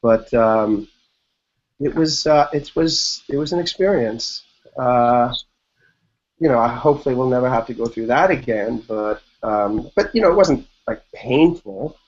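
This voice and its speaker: A man's voice: medium pitch, lively intonation, a little slow. A man in his fifties, a podcast guest, telling a long personal story in a loose, rambling way full of "like" and "you know". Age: 50s. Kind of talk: casual interview storytelling. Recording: dull lo-fi podcast audio.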